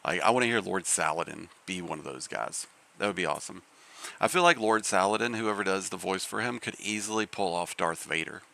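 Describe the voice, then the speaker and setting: A man's voice: sits low, brisk, vocal fry, bright, forceful tone. A man hosting a live game stream, chatting casually in a rambling way with lots of fillers and restarts.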